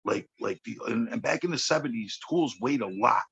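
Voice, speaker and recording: A man's voice: mid-range voice, expressive, normal speed, a bit bright, slightly rough, poor audio. A man, telling a street story on a podcast in a blunt, profane way, often checking in with "okay.". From Chicago. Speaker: podcast guest. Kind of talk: casual storytelling chat.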